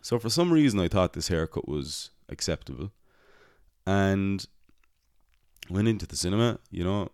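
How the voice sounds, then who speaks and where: A young man with a very deep, smooth and resonant voice tells a casual, rambling story. He swears freely and pokes fun at himself. The sound is dry and close to the mic. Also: lively intonation, moderate pace, long pauses, darkish tone, no room sound. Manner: rambling, swears often, self-deprecating. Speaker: podcast host, cinema worker.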